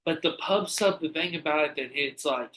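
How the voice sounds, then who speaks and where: Man, podcast guest; bright, tense tone, slightly high, animated storyteller who swears freely. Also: normal speed, low-quality recording. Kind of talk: casual chat, storytelling.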